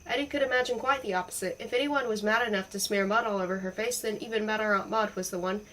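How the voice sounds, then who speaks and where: A woman reading a children's storybook aloud in a playful, expressive way. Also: medium pitch, fast, far from the mic, a little hiss or hum, rough recording. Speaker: audiobook reader. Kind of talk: storybook narration.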